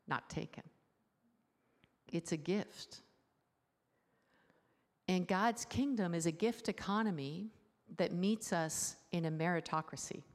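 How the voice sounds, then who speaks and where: A woman pastor giving a conversational sermon in a church. She talks in a lively way, asking the congregation many rhetorical questions. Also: on the low side. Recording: long hall reverb.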